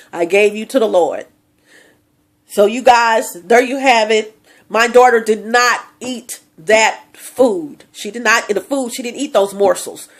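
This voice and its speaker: Middle-aged woman vlogger, fairly high voice, rambling emotional monologue to camera. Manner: rambling, emotional, talks straight to viewers. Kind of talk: personal vlog monologue.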